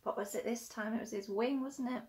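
Brisk and a little high-pitched, this infant school teacher reads a picture book to young children. She keeps it animated, gasping frequently and putting questions to the kids.

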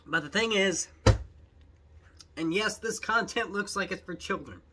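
A man's voice: high-pitched, unhurried, background noise. A young man commenting on videos in a jokey, rambling, exasperated way. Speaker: youtube commentator. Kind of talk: reaction commentary.

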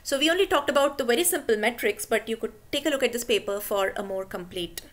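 A woman teaching a technical lesson, explaining calmly and asking the listener guiding questions. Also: a little high, fast. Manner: steady, patient, poses questions to the listener. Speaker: instructor.

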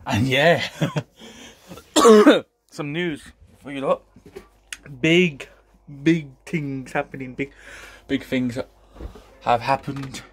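A man, out of breath and excited, rambling through a casual vlog announcement as a YouTuber. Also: medium pitch, very slow, long pauses. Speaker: YouTuber and podcast host.

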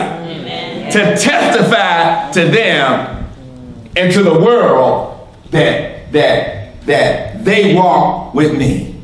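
A man preaching a sermon as pastor, swinging from shouts down to soft whispers and repeating his words. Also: on the high side, slow. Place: church sanctuary. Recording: echoey church room, faint background noise.

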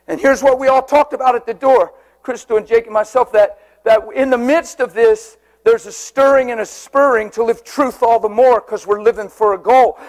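A man preaching a sermon with fervour, swinging between shouted exclamations and soft, tender passages. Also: very high voice.

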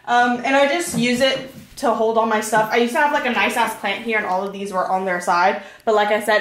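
A young woman in her twenties gives a tour of her bedroom in a candid, casual chat, cursing freely as she goes. Her voice sits a little high, and it rings in a roomy, echoey room on the camera mic. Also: a bit bright. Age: 20s. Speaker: vlogger giving a room tour. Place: bedroom in an apartment.

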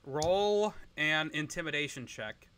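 A man's voice: a little high, animated, a little slow, a bit bright. A man acting as dungeon master, easygoing and prompting the players with questions as he narrates the game.

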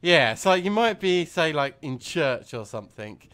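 A man telling a meandering anecdote while he plays a game. His voice is smooth and resonant, and he slips easily into laughter as he talks. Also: a little high, sing-song, moderate pace, a bit bright. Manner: rambling storyteller, laughs easily. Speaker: let's play host. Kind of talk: casual gameplay chat.

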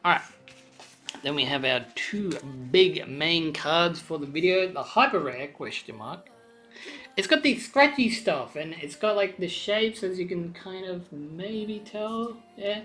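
A woman hosting a casual card-opening vlog, excitable and swearing a lot, with loud bursts of excitement. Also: fairly low pitch, a little slow, faint music behind. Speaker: channel host opening trading card packs.

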